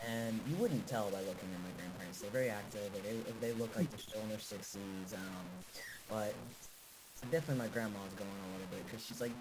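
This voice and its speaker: A man's voice: lowish voice, brisk, a crowd in the background, rough recording. A young adult man hosting a casual interview, telling family stories with frequent laughter. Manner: animated, laughing storyteller. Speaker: host.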